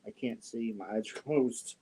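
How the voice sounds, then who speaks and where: A man's voice: medium pitch, moderate pace, dark tone, a little hiss or hum. A man hosting a crochet livestream, chatting casually, reading viewer comments and cooing to his cats. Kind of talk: casual chat while crocheting.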